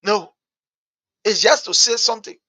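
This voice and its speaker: A talk host with a Liberian English accent delivers impassioned political commentary, repeating his points and building to shouts. His high voice is bright and cutting, with a breathy edge, at a moderate pace, recorded close and dry.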